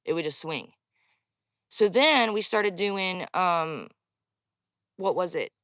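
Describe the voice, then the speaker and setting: A woman tells her own eerie story in a loose, rambling chat, speaking straight to her audience. Her voice is bright and forceful. The recording is close and dry. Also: on the low side, animated, takes it slowly, no echo. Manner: chatty, rambling, addresses viewers directly. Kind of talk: casual first-person storytelling.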